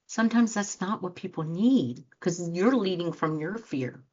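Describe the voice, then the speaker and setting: A woman's voice: on the low side, animated, moderate pace, hardly any pauses. A woman life coach giving an earnest motivational talk to listeners, acting out quoted reactions as she speaks. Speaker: life coach and show host. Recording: dull lo-fi sound.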